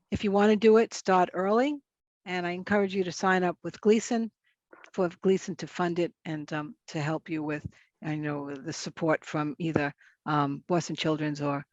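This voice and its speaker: A woman's voice: on the low side, dry recording, lo-fi sound. A woman speech pathologist giving a conference presentation in a casual, chatty way, often restarting her sentences. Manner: casual, chatty, self-correcting.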